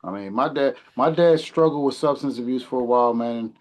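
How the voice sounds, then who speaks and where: Podcast guest, man in his 40s, middle pitch, earnest and reflective, speaks softly at times. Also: a little fast. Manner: earnest, reflective, drops quieter at the ends. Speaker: podcast guest, community mentor. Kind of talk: casual conversation.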